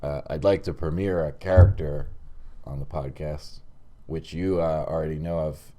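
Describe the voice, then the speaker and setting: A man with a very low, deep voice co-hosts a comedy podcast, bantering in a loose, jokey way. He is from West Virginia and riffs off his co-host with playful asides. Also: steady tone, normal speed, warm tone. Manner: jokey, puts on a mock French accent at the start.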